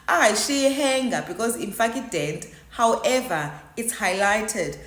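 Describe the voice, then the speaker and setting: A woman's voice: medium pitch, expressive, measured pace, a bit bright. Emotional South African woman in a roomy echo. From Eastern Cape, South Africa. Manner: emotional, mixes English with isiXhosa. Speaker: vlogger. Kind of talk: casual vlog commentary.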